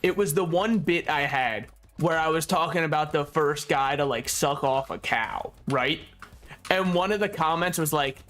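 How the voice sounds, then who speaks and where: A man's voice: on the high side, normal speed, fairly bright tone. Rambling joking man over game music. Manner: rambling, joking, frequent laughs and asides. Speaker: gaming YouTuber. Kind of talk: casual gameplay commentary.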